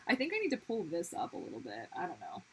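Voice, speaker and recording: A young woman chats casually as she draws on a stream. Her pitch swings widely from line to line, and she keeps cutting herself off with bursts of surprise. A faint hiss sits under the voice. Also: huge pitch swings, fast, fairly bright tone, poor audio. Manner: rambling, self-interrupting, exclamatory. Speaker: livestream host and artist. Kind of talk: casual chat while drawing.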